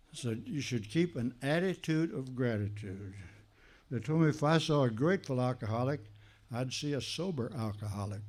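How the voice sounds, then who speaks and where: An older man giving a talk at a recovery meeting, emphatic and folksy, repeating key phrases with dry humor. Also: a little high.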